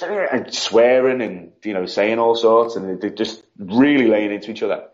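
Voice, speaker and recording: A man with a British accent, a podcast guest telling stories in a casual, animated way, acting out quotes and saying "like" a lot. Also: fairly low pitch, normal speed, hardly any pauses. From United Kingdom. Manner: animated, acts out quotes, frequent "like". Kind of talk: casual storytelling. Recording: dull lo-fi sound.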